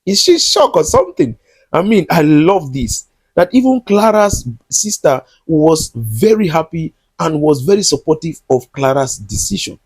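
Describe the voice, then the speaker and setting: Indignant, husky-voiced male movie reviewer. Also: fairly high pitch, very animated, normal speed, no echo. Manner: indignant, scolding the characters directly. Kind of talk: recap and commentary on a film.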